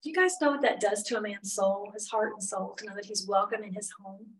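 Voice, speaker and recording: A woman's voice: mid-range voice, fast, a little hiss or hum. A middle-aged woman, teaching a women's Bible study in a chatty, candid way with many asides. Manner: chatty, candid, lots of "you know" asides. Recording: voice a bit far from the mic.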